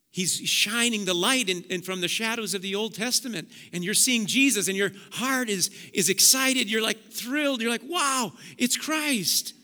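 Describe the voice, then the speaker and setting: A male pastor preaching a sermon, swinging between hushed low passages and loud emphatic bursts. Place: church sanctuary. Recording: long church hall reverb.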